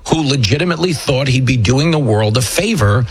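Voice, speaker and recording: Host, male, New York accent, husky, mid pitch, sarcastic monologue delivery. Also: expressive, fairly quick. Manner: mocking, acts out quotes in a shrill high voice. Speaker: show host. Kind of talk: political commentary monologue.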